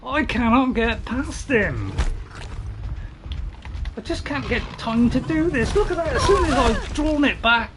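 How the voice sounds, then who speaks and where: A let's-play commentator narrating a tough fight live. The voice swings up and down in pitch, getting exasperated, scolding enemies and laughing at the chaos. A clear layer of noise and game sound sits under the voice. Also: sing-song, unhurried. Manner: exasperated, talks to enemies, laughing at own panic.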